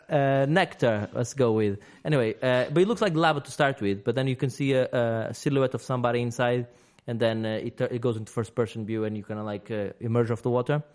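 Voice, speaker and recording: A man's voice: mid-range voice, darkish tone. A man hosting a casual games podcast, talking at length, restarting sentences and laughing easily. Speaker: podcast host.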